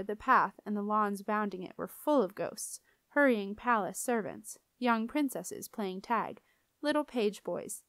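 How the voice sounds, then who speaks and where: A woman reading a children's fantasy novel aloud in an even, expressive style. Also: mid-range voice, dry recording, studio quality. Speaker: audiobook reader. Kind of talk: storybook narration.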